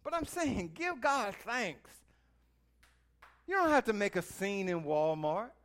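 A man preaching a sermon in a folksy way, talking straight to his listeners and swinging from quiet musing to loud exhortation. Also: high-pitched, animated, slow. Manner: folksy, speaks to the listeners directly.

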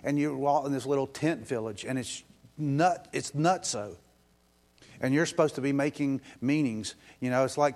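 A pastor preaching a lively sermon at a church service, with quick asides and frequent "um" fillers. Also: male voice, mid-range voice.

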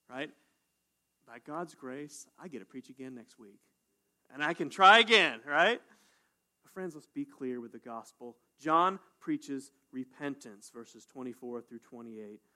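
A man preaching a sermon as pastor, animated and conversational, often asking "right?". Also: fairly high pitch, moderate pace. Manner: animated, call-and-response, says "right?" often.

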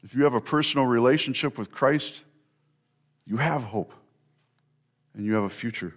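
A middle-aged man delivering an Easter sermon. His voice sits at an ordinary pitch, and he speaks earnestly. He pauses between phrases and builds emphasis as he tells the story. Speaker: pastor.

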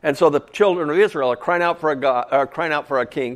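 A man's voice: a little high, fast talker. A man preaching a sermon in a folksy, conversational way, full of casual asides.

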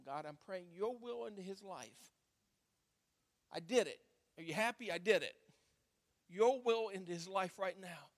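A man's voice: high voice, fairly bright tone, big-room sound. A man preaching a sermon as pastor, telling a story and asking the congregation questions.

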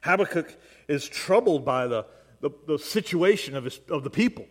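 A man's voice: a little high, animated, moderate pace, in a large hall. A man from Mississippi with a Southern accent, preaching a sermon in a folksy, self-deprecating way, often restarting his sentences and checking in with "right?". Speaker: pastor.

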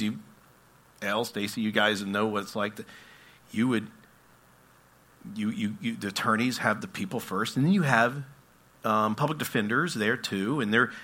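A male pastor preaching a sermon, telling stories and acting out voices, swinging between loud and hushed. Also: a little high. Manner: storytelling, animated, acts out voices, swings loud and soft.

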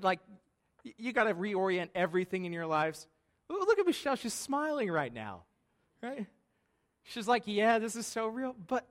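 A man in his thirties preaching a conversational sermon in a church, lively and laughing, often asking the congregation "right?". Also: high-pitched. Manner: conversational, animated, laughing, many tag questions. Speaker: pastor. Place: church sanctuary.

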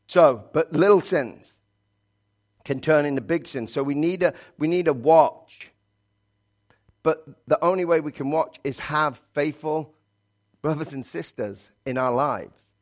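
Pastor preaching a chatty sermon. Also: male voice, measured pace, long pauses. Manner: swings between loud emphasis and low asides, chatty digressions. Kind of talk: conversational sermon. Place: church sanctuary.

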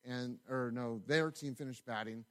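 A pastor preaching a sermon in a conversational, storytelling way, with asides to the congregation and frequent repeated words. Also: male voice, mid-range voice, steady tone, moderate pace.

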